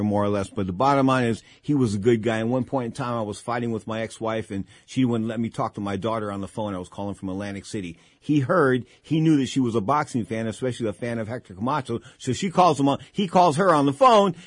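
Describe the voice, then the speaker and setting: A man's voice: mid-range voice, dry recording. Man, boxing talk radio host, rambling and loose, dry close studio mic. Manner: rambling, repeats "bottom line" and "of course". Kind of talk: radio talk show chat.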